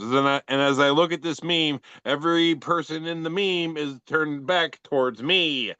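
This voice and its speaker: A man's voice: fairly high pitch, moderate pace, few pauses, pushed and bright, clear, resonant tone, dry recording. A man co-hosting a casual comedy podcast, reading memes in a laid-back, wry, self-mocking way.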